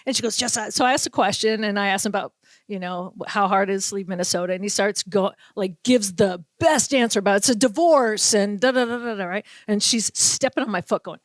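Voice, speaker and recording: A woman with a Boston accent, a podcast host and sports reporter telling an animated story and acting out the quotes. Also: medium pitch, fairly quick, no echo. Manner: animated storyteller, acts out quotes, laughs often. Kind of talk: casual storytelling chat.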